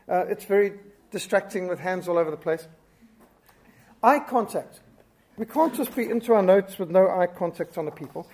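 A preacher giving a lesson on public speaking, his voice soft and mellow rather than bright. He talks with animated emphasis, swinging his pitch and volume high when he presses a point. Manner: animated, emphatic, with sharp jumps in pitch and loudness. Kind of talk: instructional talk.

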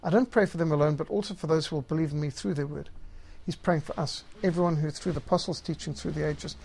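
A man's voice: a little high, fairly even intonation, fast talker, vocal fry, a little mellow, breathy edge. A man teaching systematic theology, reading scripture passages aloud and stressing key words. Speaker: Bible teacher.

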